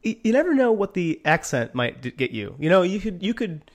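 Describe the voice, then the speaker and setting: A man's voice: high voice, very animated, brisk. A man co-hosting a podcast, chatting casually with many hesitations and easy laughs. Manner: hesitant, lots of ums, laughs easily. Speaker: podcast co-host. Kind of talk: casual chat.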